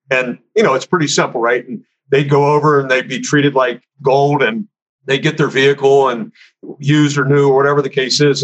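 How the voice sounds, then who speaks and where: A man casually telling a story from his career, animated and conversational, acting out what other people said. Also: mid-range voice, muffled recording. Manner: animated, acts out other people's lines in a raised voice; conversational, frequent fillers like "you know" and "man".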